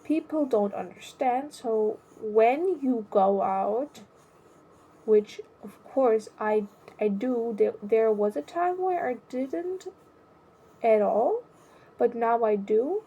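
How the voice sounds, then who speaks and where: A young adult woman talking about her own life in a hesitant, halting way, often restarting her sentences. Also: on the high side, animated, husky, phone-quality sound. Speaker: vlogger. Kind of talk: personal confessional monologue.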